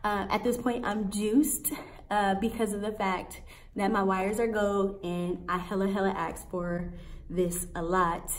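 A young woman vlogger ranting through a storytime in a casual, heavily profane way. She swears freely and sounds exasperated as she recounts what happened. Her pitch sits in the ordinary middle range for a woman. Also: steady tone, a little slow.

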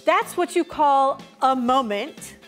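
A woman's voice: high voice, animated, takes it slowly, faint music behind. A woman co-hosting a local lifestyle show, bubbly and laughing often as she chats. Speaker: co-host. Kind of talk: casual chat.

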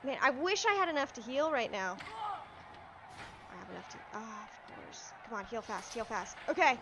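A woman giving live commentary over her gameplay, excitable, yelping and talking back to the enemies on screen. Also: high voice, normal speed, background noise. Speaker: let's play streamer.

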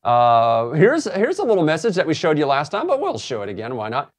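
A man hosting a casual game-highlights recap show, chatty and laughing easily. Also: wildly swooping pitch, fairly quick. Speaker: host.

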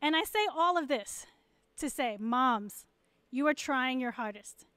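A woman gives a church message to mothers in a high, smooth voice. She sounds candid and encouraging, and the sound is dry and close. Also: expressive, measured pace, pushed and bright, dry recording. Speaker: pastor's wife.

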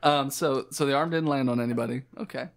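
A man's voice: medium pitch, quick pace, gravelly. A man running a tabletop game as game master, playful and laughing as he narrates what happens.

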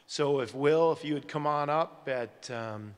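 A man's voice: on the high side, measured pace, clean tone. A man hosting a conference and introducing the next speaker, a bit hesitant. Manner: hesitant, with fillers and restarts. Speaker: conference host. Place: large conference hall. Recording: long hall reverb.

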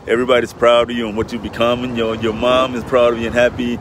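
A middle-aged man chats on a live vlog from beside a lake, his voice sitting at an ordinary middle pitch. He rambles in a heartfelt way and circles back over the same points. Faint road traffic hums behind him. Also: flat delivery, quick pace, few pauses. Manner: rambling, heartfelt, repeats himself. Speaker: vlogger. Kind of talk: casual live vlog talk. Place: outdoors by a lake near a road.

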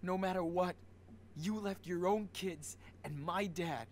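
A man's voice: high voice, unhurried. An actor playing a bitter young man who confronts his absent mother, curt and cold in video game dialogue. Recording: game audio with faint background noise.

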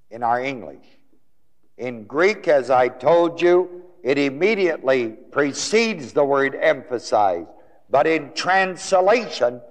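A male preacher delivering a sermon, quizzing listeners with questions and swinging from low murmurs to high, ringing exclamations. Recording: long hall reverb.

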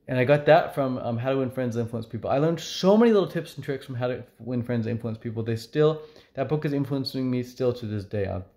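Male vlogger, casual to-camera chat, mid-pitched voice, upbeat delivery with lots of fillers. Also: darkish tone. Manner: chatty and upbeat, with many fillers. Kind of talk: casual talking-to-camera vlog.

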